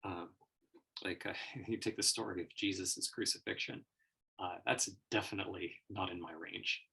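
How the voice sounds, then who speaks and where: A man's voice: low voice, steady tone, moderate pace, gravelly, sharp tone, breathy edge. A man giving a reflective livestream monologue as a personal growth teacher, searching for words and laughing often.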